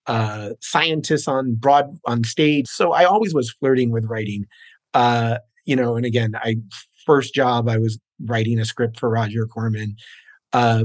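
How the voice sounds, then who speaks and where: A man's voice: medium pitch, dry recording. A middle-aged man chats easily as a screenwriter guest, joking at his own expense and using plenty of fillers. His voice sits in a middle range. The sound is dry and close. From New York, raised in New Jersey. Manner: genial, self-deprecating, with frequent uh fillers. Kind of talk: casual interview.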